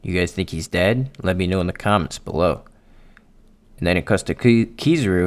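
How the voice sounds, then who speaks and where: Man, lowish voice, casual manga readthrough, excitable, swears a lot, talks to viewers. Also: moderate pace. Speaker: anime and manga YouTuber.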